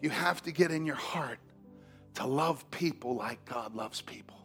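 A man preaching a sermon as pastor, telling stories with big swings from hushed to shouting. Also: mid-range voice, measured pace, vocal fry, soft background music. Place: church sanctuary.

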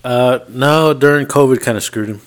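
A man's voice: medium pitch, moderate pace. A man in his forties, co-hosting a podcast in casual chat, laid-back and teasing. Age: 40s. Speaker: podcast co-host.

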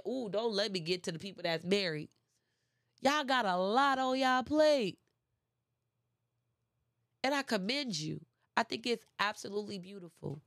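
A woman's voice: mid-range voice, no echo. Woman, motivational speaker, casual and emphatic, middle voice, dry room. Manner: emphatic, repeats phrases for effect; chatty, addresses listeners directly. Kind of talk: casual inspirational talk.

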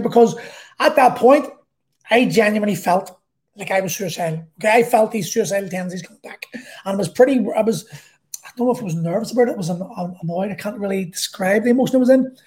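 A man's voice: high-pitched, expressive, fast talker, darkish tone. A middle-aged man with a Belfast accent, telling a personal story in a blunt, sweary, rambling way. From Northern Ireland.

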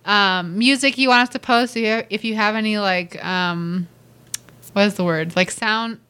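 Bright-voiced young woman co-host. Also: medium pitch, normal speed, clean tone. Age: 20s. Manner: storytelling, with voiced quotes and laughs. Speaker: podcast co-host. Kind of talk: casual chat.

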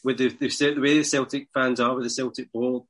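A man's voice: medium pitch, flat delivery, brisk. Matter-of-fact man. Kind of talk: casual podcast chat.

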